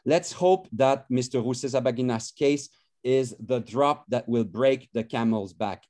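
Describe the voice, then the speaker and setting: A man's voice: medium pitch, darkish tone. A man speaking as a lawyer at a press conference, impassioned and openly emotional, switching between two languages.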